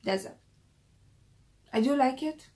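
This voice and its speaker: A woman's voice: sits high, expressive, takes it slowly, darkish tone. A woman talking casually to camera in a perfume review vlog, chatty and repeating her key points for emphasis.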